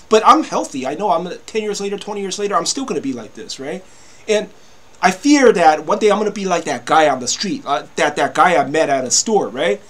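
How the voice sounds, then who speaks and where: A man's voice: a little high, a bit bright. A man in his fifties ranting to camera, agitated and repetitive, stammering through restarts and swearing freely. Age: 50s. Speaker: vlogger.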